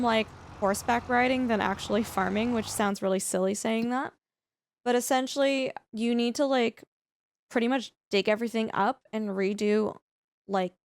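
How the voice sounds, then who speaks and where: A woman game streamer with a somewhat high voice chats casually with her viewers. Her talk is loose and rambling, full of fillers as she works through answers. Faint noise sits under the voice. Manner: chatty, loose, lots of fillers while answering chat. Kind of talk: casual live-stream chat while gaming.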